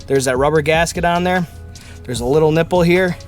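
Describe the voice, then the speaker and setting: A man with a fairly high voice chatting through a DIY truck install, explaining each step as he goes. He is recorded on an action camera mic in a garage, with faint music behind him. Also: fairly quick. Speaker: DIY car vlogger. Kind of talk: casual how-to vlog.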